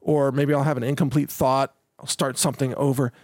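A man's voice: mid-range voice, level tone, a little fast, a little mellow, no room sound, clean studio sound. A man hosting a solo podcast in a casual, rambling way, often repeating words, restarting sentences and chuckling between points. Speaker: podcast host.

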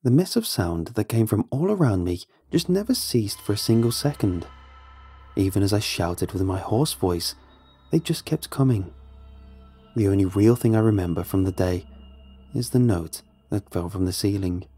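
Low, husky man narrating horror. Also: animated, moderate pace, dark tone, soft background music. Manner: tense, dramatic first-person storytelling.

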